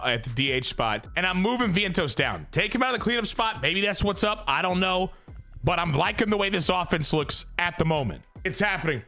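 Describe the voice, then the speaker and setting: A man calls out his baseball video game franchise run in an exasperated, excitable rush, cursing when things go wrong. His voice sits a touch high and sounds bright and forceful, swinging widely up and down. Soft music plays quietly behind him. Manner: excitable and exasperated, swears freely. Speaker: gaming YouTuber.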